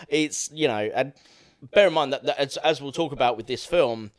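A young man co-hosting a film podcast, talking in a rambling, halting way with many fillers. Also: medium pitch, no echo, studio quality. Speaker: podcast co-host. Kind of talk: casual film chat.

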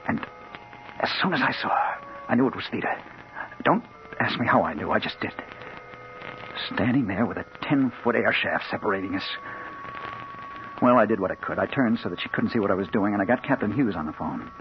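An actor playing a hard-boiled crime reporter in a 1940s radio drama, narrating in a terse, urgent first-person voice. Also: male voice, fairly low pitch, lively intonation, fairly quick, pauses often, lightly acted. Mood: brooding. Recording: old radio broadcast, dull with faint hiss.

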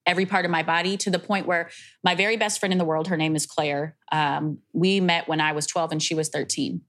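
A young woman hosting a podcast, telling a personal story in an emotional, animated way. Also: low-pitched, brisk. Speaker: podcast host. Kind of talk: casual podcast conversation.

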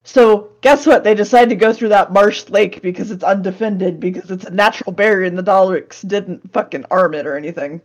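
A woman's voice: medium pitch, a little fast, few pauses. Sarcastic woman recapping a show. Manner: sarcastic, swears freely, laughs often. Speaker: podcast co-host recapping an episode. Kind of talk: casual recap chat.

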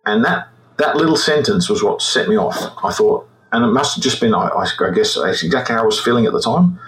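Halting older Australian man. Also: fairly low pitch, lively intonation, a bit bright, poor audio. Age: 60s. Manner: halting, repeats words as he recounts. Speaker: guest, retired forensic examiner. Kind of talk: personal storytelling in an interview.

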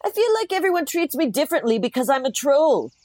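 A woman's voice: sits high, big pitch swings, quick pace, warm tone, no room sound. A woman voicing an easygoing, sheepish bearded troll in a comedy sketch, cheerful and giggly.

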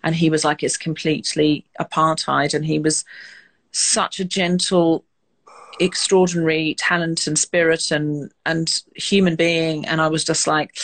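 A woman's voice: deep voice, level tone, normal speed. Earnest chatty woman host. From Australia. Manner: chatty, earnest, repeats herself when reassuring. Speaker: podcast host. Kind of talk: casual conversational interview.

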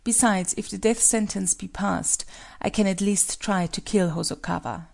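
A woman's voice: mid-range voice, moderate pace, creaky, a little mellow. A woman voicing a young male samurai, earnest and desperate in love, in a storybook reading.

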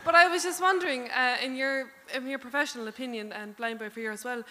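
A woman's voice: sits high, fast talker, sharp tone. A woman from Canada with a Canadian accent tinged by Cork, hesitantly asking a question from the audience with many fillers. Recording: hall reverb.

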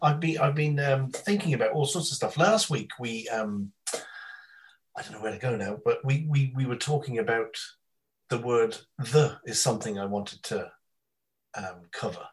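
A man's voice: mid-range voice, moderate pace, low-quality recording. A man chatting casually on a podcast as a guest, telling long rambling stories. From half English, half Irish. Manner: rambling storyteller, mimics voices in anecdotes. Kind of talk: casual chat.

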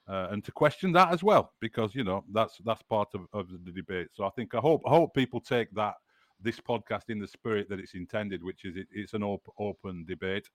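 A man's voice: sits low, no room sound, clean studio sound. A man from the Burnley area with a northern English accent, hosting a casual football podcast and chatting with frequent restarts. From Burnley area, northern England. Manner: chatty, restarts words often. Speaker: podcast host.

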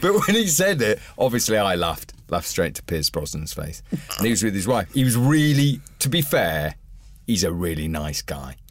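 A man's voice: fairly low pitch, moderate pace. A man co-hosting a casual film chat, telling an anecdote with acted-out voices. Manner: animated anecdote teller, acts out voices. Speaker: podcast co-host.

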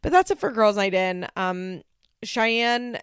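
A woman's voice: medium pitch, lively intonation, slow, clear, resonant tone, no echo, clean studio sound. A young woman hosting a solo podcast, talking casually and animatedly, full of "like" and incredulous asides. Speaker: podcast host. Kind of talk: solo podcast monologue recapping a reality show.

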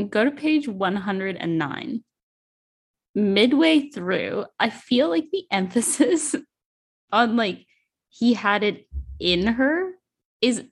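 A woman's voice: medium pitch, slightly rough. A woman co-hosting a book podcast, talking casually and unhurriedly with plenty of fillers. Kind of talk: casual chat.

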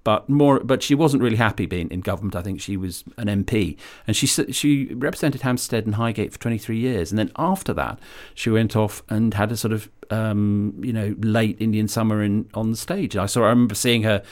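A man with a fairly low voice, co-hosting a casual podcast. He talks thoughtfully and warms up with enthusiasm. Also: fairly quick, hardly any pauses. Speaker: podcast co-host. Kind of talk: casual chat.

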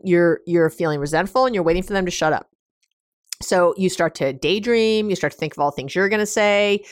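A woman's voice: on the low side, no echo, studio quality. A woman hosting a solo advice podcast, chatty and emphatic, laughing often and repeating her points. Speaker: podcast host.

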